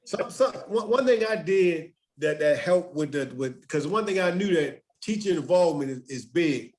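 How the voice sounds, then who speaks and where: High-pitched man explaining his coaching. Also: animated, moderate pace, a little mellow. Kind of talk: casual discussion.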